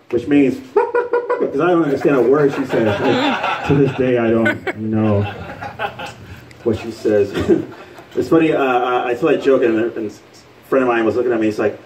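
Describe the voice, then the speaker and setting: Puerto Rican stand-up comic with a lively voice. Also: male voice, medium pitch, moderate pace, distant mic, a crowd in the background, rough recording. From Puerto Rico. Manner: loose, rambling delivery with fillers and acted-out quotes. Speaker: stand-up comedian. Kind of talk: live stand-up comedy. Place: bar stage with a live audience.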